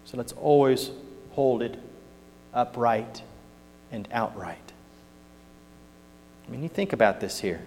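A man preaching a sermon, moving from hushed scripture reading to loud emphatic points, with folksy turns of phrase. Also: medium pitch, animated, slow pace, long pauses, slight background noise. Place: church sanctuary. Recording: long hall reverb.

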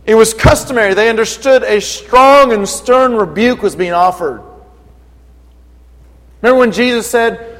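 A man preaching a sermon in an earnest manner that rises to forceful emphasis. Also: high-pitched, animated, normal speed, big-room sound, poor audio.

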